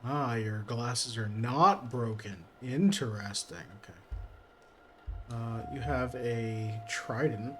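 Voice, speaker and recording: A male streamer plays a game and reads its text aloud, adding casual joking asides. His voice sits at a middle pitch. A faint hiss runs underneath. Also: slow pace.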